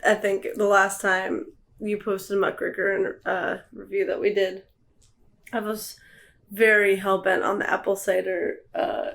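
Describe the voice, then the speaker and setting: A woman in a casual tasting chat, reviewing a beer with dry, quick quips. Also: mid-range voice, little pitch movement, vocal fry, fairly bright tone.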